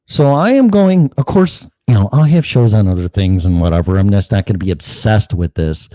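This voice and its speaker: A man rants through a solo political show, blunt and profane, mocking the other side. His pitch swings widely, his tone is mellow and dark, and the sound is dry and close. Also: expressive, a little fast, dry recording. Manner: blunt, heated, swears often, mocks opponents in put-on quotes. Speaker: podcast host.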